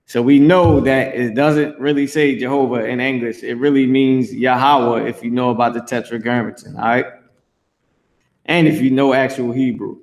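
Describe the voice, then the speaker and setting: A man's voice: medium pitch, steady tone, moderate pace. A man reading scripture aloud and commenting on it in a brash, profane, mocking way, teaching an online class. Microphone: streamed voice chat.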